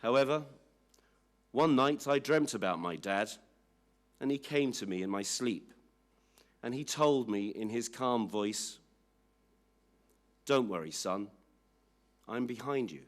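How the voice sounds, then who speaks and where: A man slowly and solemnly reading a family statement aloud at a public inquiry hearing. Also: mid-range voice, expressive. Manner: slow, measured, solemn reading.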